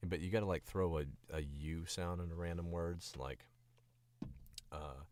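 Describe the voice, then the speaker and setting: A voice actor who is tired and sick chats casually on his stream, rambling in a laid-back way with the occasional swear. Close to his mic, he speaks a little slowly in a low, steady, slightly mellow voice with no echo.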